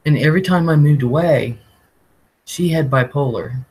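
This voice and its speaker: A man's voice: fairly high pitch, normal speed, a little mellow, slightly rough, rough recording. A man hosting a live stream, telling a rambling story casually, often laughing and swearing. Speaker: livestream host.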